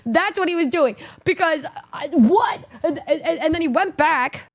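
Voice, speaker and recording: A young woman streamer telling a casual story, animated, swearing and laughing through it. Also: high-pitched, measured pace.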